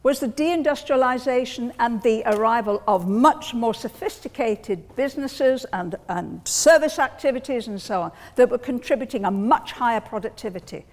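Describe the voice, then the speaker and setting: Older English woman, debate speech, wry, emphatic, fairly high, long hall reverb. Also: normal speed, few pauses. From England. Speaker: debate speaker.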